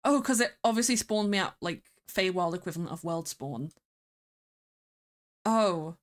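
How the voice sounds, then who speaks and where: A woman's voice: fairly low pitch, lively intonation, moderate pace, long pauses. A woman streaming a game, chatting casually, thinking aloud and laughing often.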